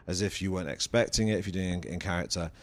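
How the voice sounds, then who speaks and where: A low-voiced man, a comedian as a guest, thinks aloud as he answers. He stops, restarts and repeats words often while working out what he means. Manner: halting, thoughtful, many restarts and repeated words. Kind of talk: interview answers.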